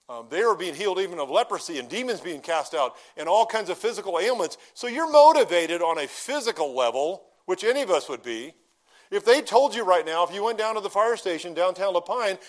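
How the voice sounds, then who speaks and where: Man, middle-aged, pastor, sermon, high-pitched voice, conversational teaching, slows down for emphasis. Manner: conversational teaching, asks the congregation questions; slows down to stress key phrases.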